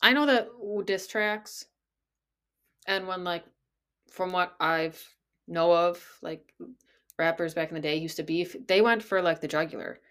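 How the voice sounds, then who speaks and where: Woman, podcast host, slow delivery, lower voice, exasperated, swears freely. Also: fairly bright tone, smooth. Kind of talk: casual solo podcast commentary.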